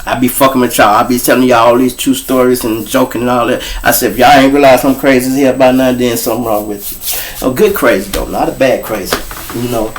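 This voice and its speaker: A man's voice: mid-range voice, quick pace, a little hiss or hum. A middle-aged man with a Chicago accent, hosting his own show with a profane, casual storytelling monologue aimed straight at his listeners. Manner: profane, animated, talks straight to the audience. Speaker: show host.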